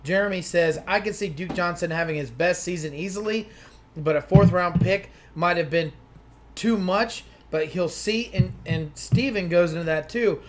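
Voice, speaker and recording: A man with a slightly high voice co-hosting a sports podcast. He reads out viewer comments and reacts in a chatty, agreeable way. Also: normal speed. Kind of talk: casual sports chat.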